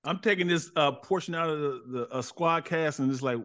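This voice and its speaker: A man's voice: a little high, fairly quick, pushed and bright, a little hiss or hum. A man co-hosting a podcast, joking and acting out mock exchanges in casual banter. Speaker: podcast co-host.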